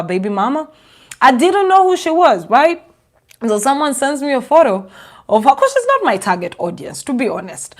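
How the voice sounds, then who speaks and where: A young woman from Uganda, a vlogger giving sarcastic casual commentary with a lot of laughing. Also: mid-range voice.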